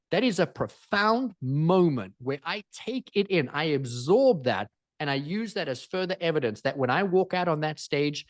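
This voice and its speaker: A man speaking as a guest in an interview, energetic and emphatic, driving points home with repetition. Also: a little high, no echo, clean studio sound. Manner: energetic, emphatic, repeats phrases for effect. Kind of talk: animated interview storytelling.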